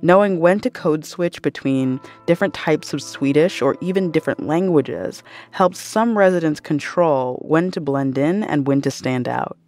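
A woman host giving scripted narration in a measured, explanatory way. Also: deep voice, a little mellow, soft background music. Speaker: podcast host.

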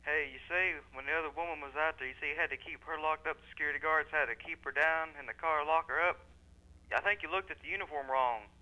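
A man's voice: on the high side, fast talker, bright, forceful tone, rough recording. A man calling in to a TV show, rowdy and mocking. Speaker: caller.

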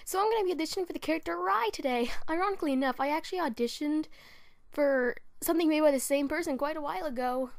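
An amateur voice actor, a chatty young woman, records a voice audition from her bed, casually talking and mocking herself between takes. Her voice is high, and the bedroom recording sounds dry and close with no echo.

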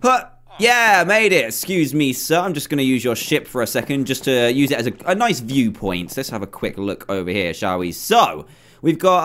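A young man giving casual, excitable commentary while playing a video game, often playfully scared. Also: on the high side. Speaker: gaming YouTuber.

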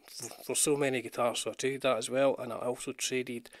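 On a casual live stream, an older man with a Scottish accent rambles about guitars, greets his chat and makes fun of himself; he hosts a guitar channel. His mid-range voice barely moves in pitch and he speaks fairly quickly. Wearing headphones at a desk mic, he's captured in a dry, clean studio recording.

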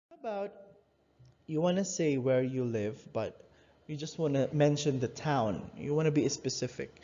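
A fairly high-voiced man, teaching a French lesson in an explanatory way, pausing and correcting himself as he goes. His tone is mellow and dark, and the muffled, lo-fi recording carries a long hall reverb. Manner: explanatory, self-correcting, hesitant.

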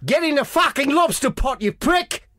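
A man doing a furious rapper who snarls and shouts obscenities in a put-on Australian twang. The voice is pushed well above the speaker's own, with swooping pitch. The recording is close and dry. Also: animated, moderate pace, no echo, exaggerated voice. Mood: menacing. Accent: attempted Australian. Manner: aggressive, swearing, shouting. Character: violent shouting male rapper posing as waiter.

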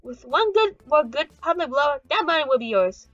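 A woman voicing a pushy female music manager who wants drama, with a high, gushing manner. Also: very animated, moderate pace, fairly bright tone, dry recording, muffled recording.

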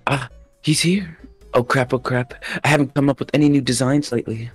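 A man's voice: medium pitch, fairly even intonation, a little fast, slightly rough, no room sound, soft background music, voice pushed up, natural voice. A man voicing a nervous young woman snowflake designer in a raised voice. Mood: flustered.

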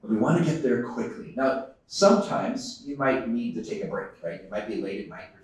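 A man's voice: mid-range voice, animated, a little fast, a little mellow. A man giving a conference talk to a live audience. He tells a story earnestly, laughs often and restarts his sentences. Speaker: conference speaker. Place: large conference hall. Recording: echoey hall, distant microphone.

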